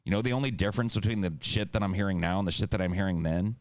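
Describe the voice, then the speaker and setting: Rapid-fire and profane, a podcast co-host with a very low voice rants heatedly about politics and mocks the people he disagrees with through impressions. Recorded dry and close to the mic, there's no room sound. He is an adult man, old enough to have watched an incumbent lose twice.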